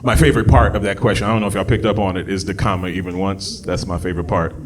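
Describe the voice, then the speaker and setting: A man doing a stand-up comedy set on a club stage, jumping from low muttered asides to loud, high shouted bits. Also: fairly even intonation, fast, background noise. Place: comedy club stage before a live audience. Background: audience laughter.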